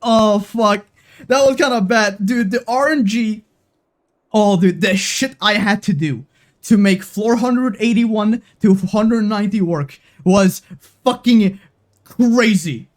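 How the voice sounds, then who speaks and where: A young adult woman gives live-stream gaming commentary in a mid-range voice at a slow pace. She talks emotionally, swears freely, and repeats herself.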